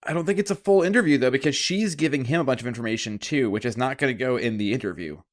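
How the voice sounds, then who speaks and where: A man co-hosting a podcast, cracking sarcastic jokes about a sitcom. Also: medium pitch. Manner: joking, quick, sarcastic asides. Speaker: podcast co-host. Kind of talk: casual chat.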